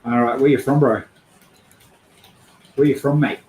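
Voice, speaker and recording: A man's voice: medium pitch, fairly even intonation, unhurried, darkish tone, reverberant, poor audio. A young man hosting a casual livestream, blunt and sweary, joking as he goes. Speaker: streamer host.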